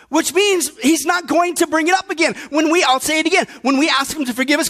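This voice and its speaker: A pastor preaching a sermon with emphatic rhetorical questions that swing between bursts and hushed asides. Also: male voice, very high-pitched, quick pace, hardly any pauses.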